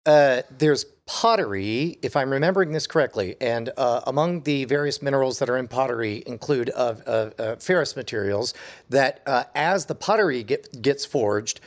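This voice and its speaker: A man's voice: medium pitch, lively intonation, moderate pace. A man co-hosting a casual podcast chat, hesitant, full of fillers and restarts. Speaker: podcast co-host.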